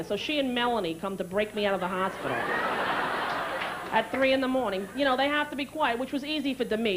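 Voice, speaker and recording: A woman performs a brash stand-up comedy routine before a live audience, telling stories and slipping into character voices. Her voice is fairly high and she talks fast. Crowd sounds and noise are audible in the recording.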